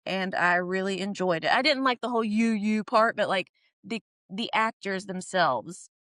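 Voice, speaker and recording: A woman's voice: mid-range voice, moderate pace, fairly bright tone, dry recording. A woman co-hosting a podcast, recapping a TV show in casual chat, laughing often and acting out characters' lines. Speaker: podcast co-host.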